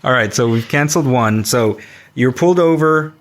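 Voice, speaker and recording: A man's voice: medium pitch, a little fast. A man co-hosting a podcast, chatting casually and reacting playfully to a friend's story. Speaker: podcast co-host. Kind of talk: casual chat.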